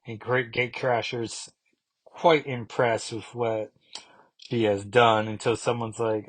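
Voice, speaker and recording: A man's voice: mid-range voice, flat delivery, slow pace, fairly bright tone. A man casually recapping a comic book issue, rambling along with many asides. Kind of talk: casual comic review vlog.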